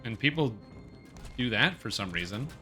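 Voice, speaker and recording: Bright-voiced joking male streamer. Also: medium pitch, animated, moderate pace, faint music behind. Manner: joking, rambling, reading chat aloud. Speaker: game streamer. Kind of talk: casual stream chat while gaming.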